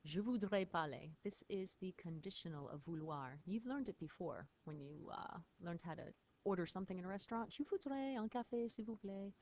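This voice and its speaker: A woman's voice: medium pitch, animated, brisk, darkish tone, slight background noise. A woman teacher patiently explaining French phrases in a recorded lesson, spelling words out.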